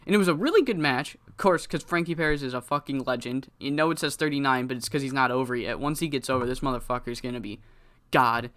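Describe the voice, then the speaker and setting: A man telling the story of a wrestling game playthrough in an animated, profane style, laughing often. His voice is bright and clear. He is crisp and easy to follow. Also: medium pitch, quick pace. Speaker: gamer narrating a wrestling sim. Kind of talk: casual, profane let's-play commentary.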